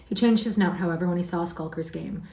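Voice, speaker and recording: A woman's voice: fairly low pitch, fast talker, darkish tone, natural voice. A woman reading aloud as Heathcliff, a wild, defiant boy telling his tale with fierce scorn, heard in a roomy space from a distant mic. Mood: scornful.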